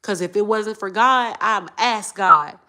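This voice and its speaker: Woman, vlog rant, repetitive, shifts from muttering to shouting, mid pitch. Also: unhurried. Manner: impassioned, repetitive, swings between low muttering and loud outbursts. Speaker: vlogger. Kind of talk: emotional monologue to camera.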